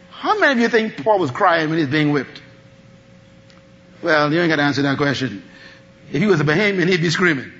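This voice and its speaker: A man preaches in a very high, bright voice, his pitch leaping all over as he moves between shouts and quiet asides. He laughs often as he drives his sermon home. The recording is dull and lo-fi. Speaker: pastor.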